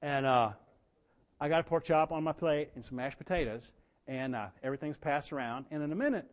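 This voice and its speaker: A man's voice: on the high side, brisk. Folksy preacher man. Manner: folksy storytelling, swings from quiet asides to loud emphatic bursts. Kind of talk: sermon.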